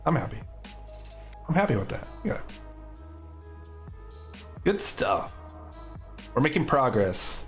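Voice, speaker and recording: A man narrates his own coding session on a live stream, thinking aloud as he goes. His talk is casual and upbeat, at an unhurried pace and a middle pitch, with faint music underneath. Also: big pitch swings.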